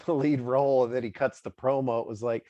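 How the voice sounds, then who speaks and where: A man's voice: medium pitch, fairly even intonation, quick pace, dark tone, dry recording. A man hosting a casual wrestling interview, chatty and laughing often as he asks questions. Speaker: interview host. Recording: dry, dull lo-fi audio.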